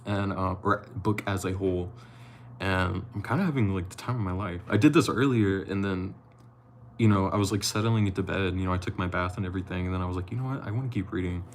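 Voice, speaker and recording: A man's voice: sits low, fairly quick, slight background noise. A man reading a novel aloud on a live stream, chatting loosely with viewers, swearing casually and slipping over words.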